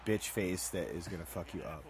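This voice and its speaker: A man's voice: low-pitched, brisk, a crowd in the background. A man co-hosting a podcast, rambling casually with lots of fillers. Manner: rambling, filler-heavy, enthusiastic. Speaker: podcast co-host. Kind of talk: casual chat.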